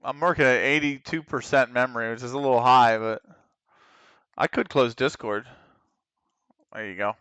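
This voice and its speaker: A man's voice: mid-range voice, normal speed, a bit bright, smooth, no room sound. A man streaming a racing game live, chatting to himself in casual commentary, swearing and grumbling as he drives. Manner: muttering to himself, swearing, frustrated laughs.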